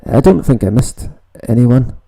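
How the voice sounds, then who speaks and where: Male streamer, unhurried and mellow-toned, rambling casual chat with swearing. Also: mid-range voice, lively intonation, vocal fry, poor audio. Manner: rambling, swearing, reads out viewer comments. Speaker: livestream host. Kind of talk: casual late-night livestream chat.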